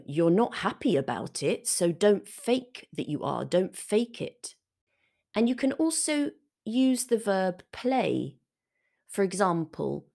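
A woman's voice: low-pitched, gravelly, a little mellow. A woman hosting an English vocabulary lesson, patiently explaining words with example sentences. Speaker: English teacher and podcast host. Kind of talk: vocabulary lesson, slow and clear.

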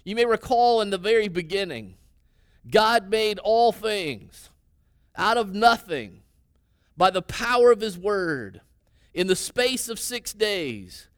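A man's voice: sits high, expressive, takes it slowly, a bit bright, clean tone, no echo, clean studio sound. A man preaching a sermon as pastor, in a conversational way that often quotes his listeners and checks in with a "right?". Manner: conversational preaching, tag questions, quoting listeners in their voices.

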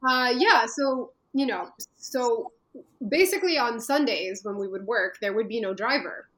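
A woman from Canada telling a personal story as an interview guest, earnest and halting, with many fillers and restarts. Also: on the high side, fairly bright tone, poor audio.

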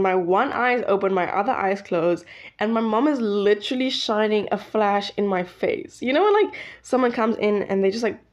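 A young woman, hosting a podcast and rambling through a story with lots of fillers and restarts. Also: mid-range voice. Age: late teens. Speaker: podcast host. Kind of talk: casual storytelling monologue. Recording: slightly dull lo-fi audio.

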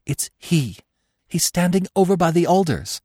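A man's voice: high-pitched, big pitch swings, moderate pace, a little mellow, slightly rough, dry recording, pitched above the performer's own voice, heavily acted. A male narrator puts on a young doe gripped by terror, her voice lifted far above his own register. She stammers and whispers frantically. The recording is dry and close. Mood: terrified. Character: young frightened female deer.

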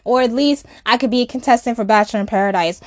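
Ny accent woman, talks fast and trips over her words, highish voice. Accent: New York. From Brooklyn, New York. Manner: fast-talking, stumbles on repeats. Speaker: podcast co-host. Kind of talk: casual chat.

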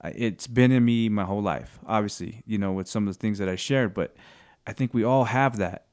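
A man sharing scripture in casual faith talk, earnest and halting, often searching for words. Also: fairly low pitch, darkish tone, clear, resonant tone.

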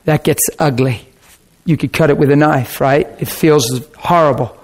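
Male pastor, high voice, animated sermon storytelling with sound effects. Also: normal speed. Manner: preacherly, asks listeners questions.

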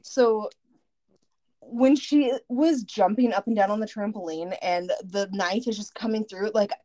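A woman's voice: mid-range voice, unhurried, dark tone. A woman in casual podcast chat about a horror film, thinking aloud and restarting while she gathers her thoughts.

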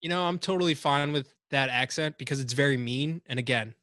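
A man's voice: mid-range voice, fairly quick, a bit bright, no echo, clean studio sound. A man hosting a podcast, chatting casually in a joking, rambling way and swearing freely. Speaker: podcast host. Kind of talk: casual chat.

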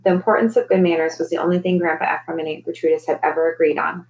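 A woman, a teacher, reading a children's novel aloud in a gentle, clear storytelling manner. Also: deep voice, level tone, rapid-fire, a little hiss or hum, poor audio.

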